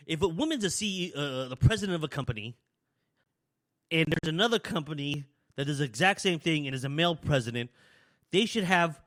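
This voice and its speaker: Rambling man talking casually. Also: fairly high pitch. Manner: rambling, conversational, frequent restarts. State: slightly out of breath. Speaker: podcast host. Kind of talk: casual opinion monologue.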